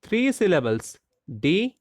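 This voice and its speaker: Grammar teacher, slow deliberate lesson, rhetorical questions, lively pitch, dry close sound. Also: no echo.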